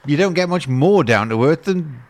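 A man's voice: fairly high pitch, expressive, normal speed. A man hosting a breakfast radio show, chatting casually with playful, mock-grand banter. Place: radio studio. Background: music under the talk.

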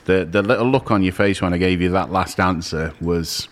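A man's voice: low voice, moderate pace. A man co-hosting a radio show, telling a story with lots of laughter and restarts. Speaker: radio co-host. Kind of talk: casual radio banter.

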